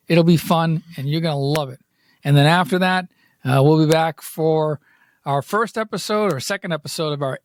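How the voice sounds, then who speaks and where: A man hosting a podcast in casual, rambling chat, with a raspy voice and a jokey, self-mocking way of talking. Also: a little high, no echo. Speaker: podcast host.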